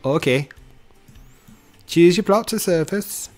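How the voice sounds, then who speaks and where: A man's voice: on the high side, animated, slow, soft background music, voice pushed up. A man voicing a chirpy male land store clerk in a video game, with upbeat sales patter. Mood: salesy.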